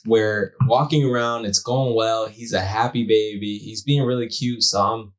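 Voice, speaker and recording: A young man, a new father and podcast co-host, telling a story in a lively, slangy way and acting out the quotes. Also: fairly low pitch, moderate pace. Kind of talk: casual storytelling chat.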